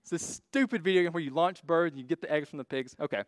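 A man giving a casual lecture to a group, working through his slides. He is blunt and throws in joking asides. His voice sits a bit higher than most men's, and the recording is dry and close. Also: fast, no room sound. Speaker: speaker teaching a class on faith and evolution.

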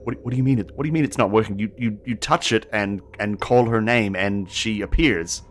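A man's voice: lowish voice, brisk, faint music behind, close to an everyday voice. A man voicing a frightened female seer whose breath is ragged, stammering through panicked pleas.

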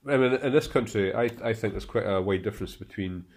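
A man's voice: fairly low pitch, a little fast, a little mellow. A man in casual conversation who asks curious questions and double-checks the meaning of terms.

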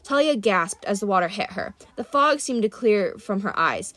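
A woman's voice: mid-range voice, lively intonation, moderate pace, fairly bright tone. Woman reading a storybook aloud. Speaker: audiobook reader. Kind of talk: first-person storybook narration.

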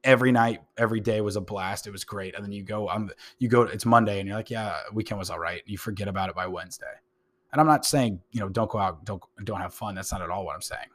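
A man with a very deep, low-pitched voice talks on his own podcast. He is a young adult, musing aloud in a loose, rambling way, leaning on "you know" and casual swearing. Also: quick pace, a bit bright. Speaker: podcast host. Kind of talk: casual monologue.

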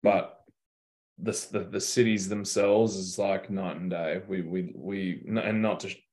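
A man's voice: deep voice, steady tone, measured pace, a little mellow. A young Australian man telling stories in a casual interview, laid-back and slangy with plenty of swearing. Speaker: guest basketball player.

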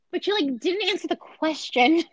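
A woman's voice: a little high, bright, forceful tone, no echo. A woman co-hosting a podcast, chatting casually and jokily while retelling a story and acting out the quotes. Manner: chatty, jokey, acts out quotes. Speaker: podcast co-host. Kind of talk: casual chat, retelling a true crime story.

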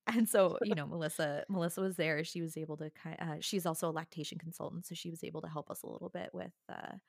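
A woman's voice: low-pitched, quick pace, vocal fry, no echo, clean studio sound. Woman telling a personal story. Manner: animated, acts out the other people she quotes. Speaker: guest. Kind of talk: casual storytelling in conversation.

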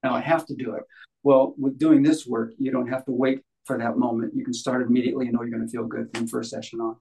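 A man's voice: medium pitch, little pitch movement, fast, gravelly, darkish tone, poor audio. A man telling a long anecdote in a casual interview, rambling with many fillers and acting out the voices of others. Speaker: guest, healing practitioner.

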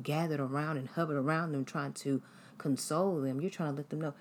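A woman giving a devotional teaching, telling everyday stories in a conversational, animated way. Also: low voice, fairly quick, a little hiss or hum. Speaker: devotional speaker.

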